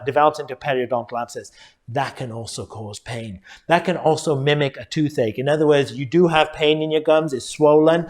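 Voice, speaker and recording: Man, middle-aged dentist, earnest and direct, explaining to viewers, a bit high-pitched. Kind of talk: educational talk to viewers.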